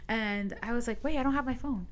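A woman's voice: fairly high pitch, fairly quick, slight background noise. A young woman in her twenties, co-hosting a podcast and chatting casually as she tells a long dream story, quoting everyone with "I was like". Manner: retells a dream with lots of "I was like" quotes. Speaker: podcast co-host.

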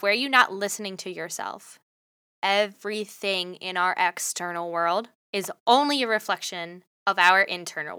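A woman's voice: medium pitch, bright, forceful tone, clear, resonant tone, no echo, studio quality. A young woman hosting a solo motivational podcast, talking bluntly and passionately and swearing freely. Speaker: podcast host.

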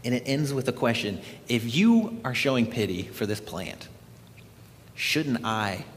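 A man preaching a sermon, retelling a scripture story in an animated storytelling way. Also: medium pitch, a little slow, long reverb tail, slight background noise. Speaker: pastor.

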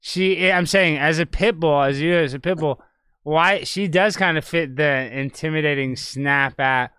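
A man hosting a live video podcast, talking in a rambling, excitable way. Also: fairly high pitch, a little slow, smooth, no echo. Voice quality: loud, sing-song hype intro. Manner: rambling, excitable, talks over his cat. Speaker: podcast host.

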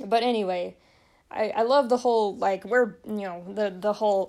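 A woman's voice: mid-range voice, fairly even intonation, normal speed, a little mellow. A young woman talking casually on a vlog, rambling and chatty, often breaking into laughter. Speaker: vlogger reviewing a film. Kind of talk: casual chat.

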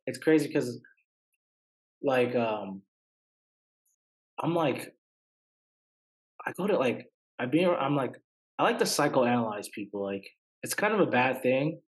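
A woman with a strikingly deep, low voice hosts a casual podcast chat. She is easygoing and agreeable, and she fills the gaps with short nods of agreement. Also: expressive, measured pace, long pauses, rough recording.

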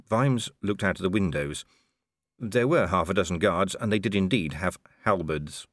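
A man's voice: low-pitched, expressive, moderate pace, no echo, clean studio sound. Man narrating an audiobook. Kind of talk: scripted narration.

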